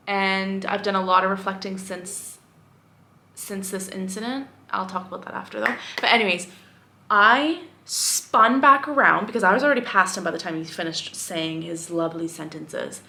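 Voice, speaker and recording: A woman's voice: medium pitch, pushed and bright. A young woman teacher talking candidly to camera in a casual vlog, rambling and reflective with frequent fillers. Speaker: vlogger.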